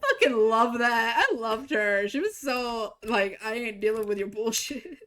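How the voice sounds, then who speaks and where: A woman's voice: a little high, expressive, unhurried, a bit bright. A young woman streamer telling a story in casual chat, swearing freely, laughing and acting out quoted lines. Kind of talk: casual storytelling while gaming.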